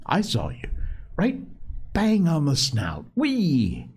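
A man's voice: fairly high pitch, huge pitch swings, slow, darkish tone, slightly rough, pitched above the performer's own voice, exaggerated voice. A man reading an audiobook, voicing a keen, chatty schoolboy. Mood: eager.

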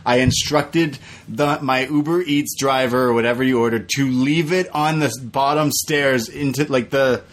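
A man's voice: mid-range voice, normal speed. A young adult man co-hosting a podcast, telling stories in casual chat and acting out the quotes. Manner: animated storytelling, acts out quotes. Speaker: podcast co-host.

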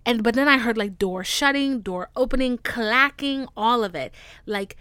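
A woman in her twenties from the Caribbean, hosting a podcast and telling stories in a casual, animated way, dipping into whispers and high squeals. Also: moderate pace, smooth, dry recording. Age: 20s. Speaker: podcast host. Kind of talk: casual storytelling monologue.

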